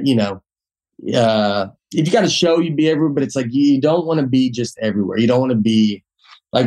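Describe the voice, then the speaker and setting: A man's voice: medium pitch, darkish tone. A man in his forties with a Southern accent, a comedian talking casually on a podcast, rambling with many restarts. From Tennessee. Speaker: comedian guest.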